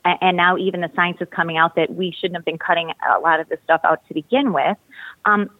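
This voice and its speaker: A woman's voice: on the low side, fairly even intonation, quick pace, no room sound. A woman in her forties, a mother, in emphatic casual chat full of "you know". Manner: chatty, emphatic, many fillers like "you know". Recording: dry tinny phone-like sound.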